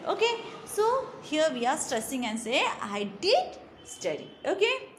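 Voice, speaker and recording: A woman teaching grammar, pausing often on "okay" and leaning hard on example words. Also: high-pitched, sing-song, fairly bright tone. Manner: frequent "okay" and short pauses between points; stresses example words strongly. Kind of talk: explaining grammar in a recorded lesson. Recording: faint background noise.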